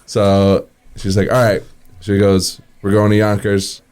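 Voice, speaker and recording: A low-voiced man, a restaurant owner who is a guest on an interview. He relaxes into long anecdotes, acts out the quoted dialogue and chuckles as he goes. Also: completely flat delivery, unhurried, darkish tone, clear, resonant tone. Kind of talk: casual storytelling in an interview.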